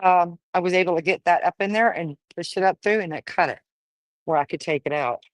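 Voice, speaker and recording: A woman's voice: lowish voice, brisk, no echo. A woman breeding dogs, casually livestreaming while she firmly coaxes a wriggling puppy, talking in a folksy way. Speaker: dog breeder.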